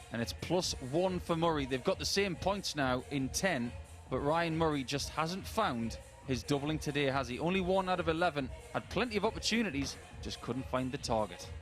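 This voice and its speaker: Male darts commentator, calm analytical play-by-play, dry wit, faint music behind. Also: on the high side. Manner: measured, analytical, dry humour. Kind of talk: live sports commentary.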